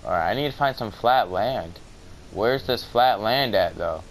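A young man casually commentating his own game, mumbling to himself and then bursting out in excitement. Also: lowish voice, measured pace, soft background music, rough recording. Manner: excitable, swings from mumbling to yelling. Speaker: gamer. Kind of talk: casual let's-play commentary. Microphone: cheap mic with white noise.

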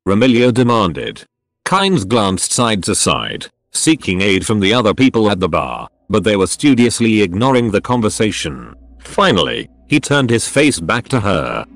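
A man's synthetic text-to-speech voice narrates a story in an even, unhurried reading. It sits low but moves around in pitch, recorded dry and close. Faint music plays behind it. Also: no echo. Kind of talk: audiobook-style story reading.

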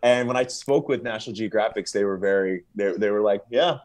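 A man who is a firefighter and comedy video maker, chatting as a podcast guest, telling stories in a lively, laughing, slangy way. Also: on the low side, fairly quick. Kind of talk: casual podcast interview.

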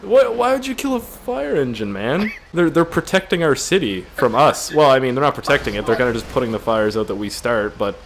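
A man yelling and laughing through a casual online gameplay session with friends, loud and excitable. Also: medium pitch, fairly quick, vocal fry, few pauses, a little hiss or hum. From Canada. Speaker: gamer streamer.

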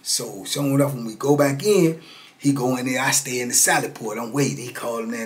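A man's voice: mid-range voice, a little fast. A man in his fifties telling a story as an interview guest in casual, slangy talk. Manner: animated, slangy, acts out dialogue.

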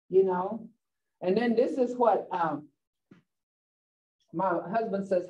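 A woman teaching a language class. She speaks slowly, and her pitch swings widely as she repeats each word for her learners. The sound is dull and lo-fi, picked up from a distant mic in a classroom. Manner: lively, laughs often, repeats words slowly for learners. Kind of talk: teaching a vocabulary lesson.

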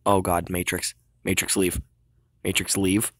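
A man's voice: low voice, completely flat delivery, unhurried, no echo, studio quality. A young man giving casual gameplay commentary, cocky and trash-talking, singing along in bursts. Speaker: gamer.

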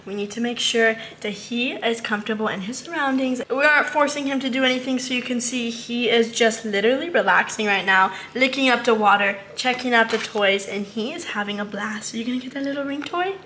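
A young woman with a high, bright voice hosts a casual animal vlog. She talks to her viewers and slips into excited, cooing baby talk. Faint noise sits under the recording. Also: brisk, hardly any pauses. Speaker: animal care vlogger.

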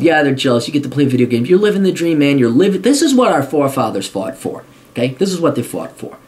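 A man's voice: fairly high pitch, very animated, quick pace, a little mellow. A man giving blunt, profane advice to a viewer, swearing heavily and repeating his points for emphasis. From United States. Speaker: host answering a viewer question. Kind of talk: profane advice rant to camera.

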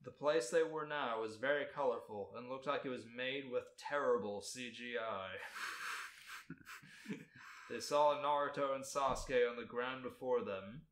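A man's voice: medium pitch, a little slow, fairly bright tone. A podcast host reads a silly story aloud, his voice bouncing around an echoey room. He sounds amused, often on the edge of a chuckle as he reads. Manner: amused reading, breaks into laughs. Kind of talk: reading fan fiction aloud.

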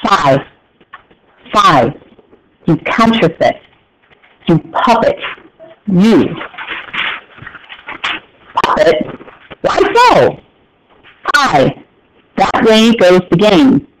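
A jealous young woman hurls insults, read out by a man with no drama. The reading stays flat and high-pitched, with a pause at every comma and a rise at every question. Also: noisy background, exaggerated voice. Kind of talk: plain read-aloud of a verse scene.

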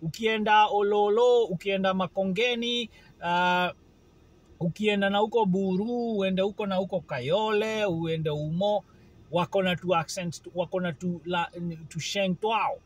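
A man from Kenya, chatting casually to his viewers in an animated way and often checking that they follow. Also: sits high, a little slow, low-quality recording. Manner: animated, keeps asking if the listener follows. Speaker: vlogger. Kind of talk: casual chat to camera.

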